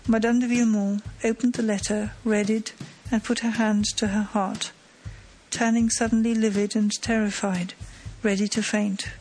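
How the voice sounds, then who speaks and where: A woman's voice: medium pitch, level tone, normal speed, darkish tone, low-quality recording. Woman reading a classic novel aloud. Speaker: narrator. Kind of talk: audiobook narration.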